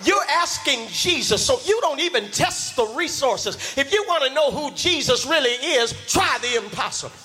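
A man preaching a sermon to a congregation, building to shouted, half-sung calls. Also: very high voice, lively intonation, moderate pace, hardly any pauses, soft background music.

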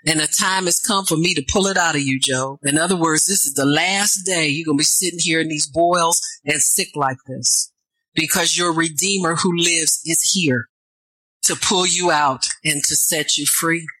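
A woman's voice: deep voice, moderate pace, breathy edge, no echo, rough recording. A woman preaching a sermon, reading scripture and answering herself with asides that rise toward fervent calls. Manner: call-and-response asides, rising to fervent near-shouts.

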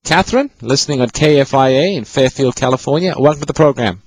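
Man, husky voice, radio Bible host, patient explanations, call-in show. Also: medium pitch, quick pace, no room sound, poor audio. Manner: explanatory, patient, answers callers with scripture.

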